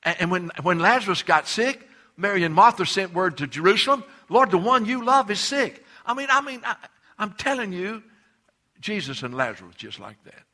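Man preaching a sermon, bright tense voice, kinda high, goes loud then real quiet. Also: big pitch swings, fairly quick. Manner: emphatic, swings from loud to hushed, repeats words when building. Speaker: pastor.

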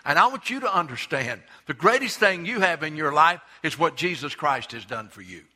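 Emphatic preacher, bright voice. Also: male voice, a little high, lively intonation, normal speed. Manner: emphatic, repeats words for stress, swings between loud and hushed. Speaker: pastor. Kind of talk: sermon.

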